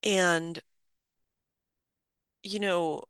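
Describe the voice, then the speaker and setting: A person in their fifties recalls a memory in candid, halting speech with soft laughs here and there. The voice is bright and forward. The recording is close and dry, with no room sound. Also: mid-range voice, steady tone, smooth, no room sound. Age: 50s. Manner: halting, with fillers and restarts. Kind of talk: reflective personal storytelling.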